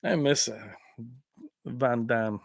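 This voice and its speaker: A man's voice: medium pitch, slow pace, creaky, dry recording, clean studio sound. A man hosting a casual livestream chat, rambling from point to point and laughing often. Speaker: livestream host.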